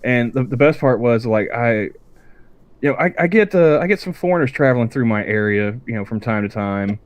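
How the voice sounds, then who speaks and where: A man's voice: medium pitch, lively intonation, brisk, smooth, dry recording. A man on a casual podcast who rambles and stammers through restarts. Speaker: podcast co-host.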